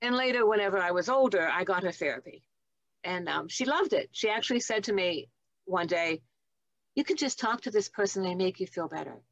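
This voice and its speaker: A woman's voice: medium pitch, expressive, brisk, dry recording, highs cut off. A woman in her seventies, a guest on an interview show, telling reflective and heartfelt stories from her nursing life. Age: 70s. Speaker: guest, nurse and author. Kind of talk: storytelling interview.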